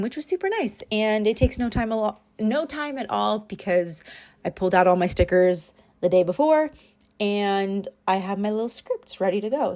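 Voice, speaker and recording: A woman's voice: mid-range voice, vocal fry. Chatty young woman rambling through her week. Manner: rambling, chatty, self-deprecating. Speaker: planner vlogger. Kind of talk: casual voiceover chat. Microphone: home voiceover mic.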